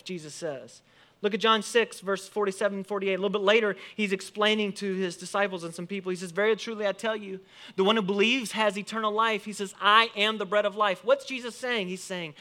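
A male pastor preaching to his congregation with a bright, forceful tone and a slightly high voice. He moves between quiet, close remarks and strong emphatic lines as he quotes and explains scripture. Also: brisk. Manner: animated preaching, rising and falling emphasis, quoting scripture. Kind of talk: sermon.

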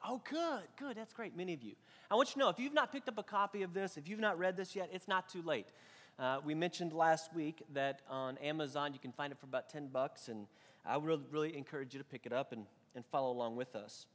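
High-voiced man preaching in a reverberant hall. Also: fast. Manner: animated storytelling with nervous laughs. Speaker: pastor. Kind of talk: sermon. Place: church.

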